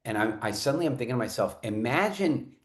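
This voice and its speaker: A middle-aged man hosting a podcast interview, telling stories in an earnest, animated way with frequent restarts. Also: medium pitch, fast, a little hiss or hum. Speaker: podcast host. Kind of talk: conversational interview storytelling. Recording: roomy echo.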